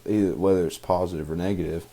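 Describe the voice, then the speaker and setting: A man's voice: sits low, fairly even intonation, fast talker, dark tone, a little hiss or hum. A young man co-hosting a podcast, talking casually in a rambling way with many fillers and restarts. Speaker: podcast co-host. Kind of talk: casual chat.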